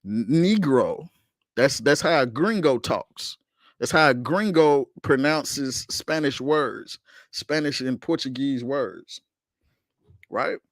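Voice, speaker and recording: Man, streamer host, heated profane rant, slangy, mid pitch, dry. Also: takes it slowly, fairly bright tone, no room sound. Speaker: streamer host reacting to chat. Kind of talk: heated casual livestream rant.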